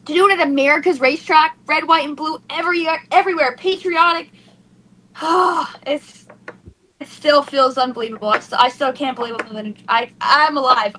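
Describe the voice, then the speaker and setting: In a low-quality recording, a young female racing driver's voice sits high as she gives an emotional post-race interview. She's tearful, excited and gushing, breathless with emotion.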